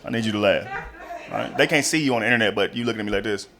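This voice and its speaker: A man's voice: on the low side, very fast. A young man performing a chatty stand-up comedy routine on a club stage. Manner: animated, chatty, many "you know what I mean".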